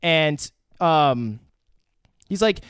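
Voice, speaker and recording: A young man co-hosting a podcast, recapping a movie in casual chat, crude and quick to laugh. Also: on the high side, animated, fairly bright tone, clear, resonant tone, dry recording, studio quality. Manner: crude, laughing, swears freely. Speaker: podcast co-host.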